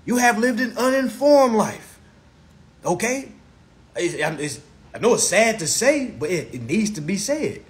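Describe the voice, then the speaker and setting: Man, live-stream lecture, high voice, very animated, preachy, blunt, swears a lot, repeats himself. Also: measured pace. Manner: preachy, repeats phrases for emphasis; blunt and profane.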